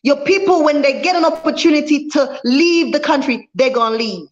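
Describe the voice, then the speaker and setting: A woman's voice: high-pitched, moderate pace. Fiery, impassioned woman on lo-fi audio. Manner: fiery, preaching, repeats points for emphasis; reads viewer comments aloud. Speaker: vlogger. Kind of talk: impassioned livestream talk.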